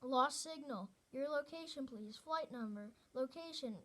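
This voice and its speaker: A woman reading aloud, voicing a calm adult male radio operator who speaks in measured, procedural radio talk. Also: sits high.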